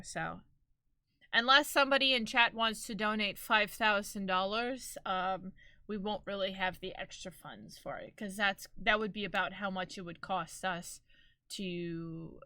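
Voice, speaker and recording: A woman streaming live and chatting casually to her viewers, expressive and quick to laugh. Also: mid-range voice, no room sound.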